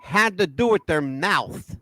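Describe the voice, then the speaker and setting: A man's voice: on the high side, expressive, slow pace, pushed and bright, dry recording. A man hosting a podcast in casual chat, blunt and emphatic, swearing freely. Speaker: podcast host.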